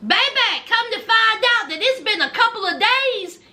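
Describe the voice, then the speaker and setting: A woman's voice: very high voice, big pitch swings, normal speed, sharp tone. A woman recapping a reality show in casual chat, sassy and teasing, calling her viewers honey and child.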